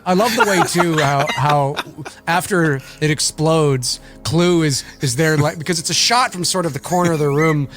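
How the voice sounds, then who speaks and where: A man guest co-hosting a casual film podcast, excitable, stumbling over repeated words and laughing often. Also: fairly high pitch, normal speed, music in the background. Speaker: guest co-host.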